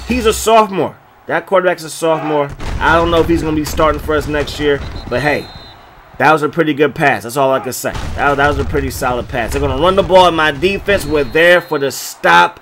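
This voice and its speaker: Excitable man calling video game plays. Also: on the high side, brisk, slight background noise. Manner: excitable, loud bursts on big plays. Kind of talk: play-by-play game commentary.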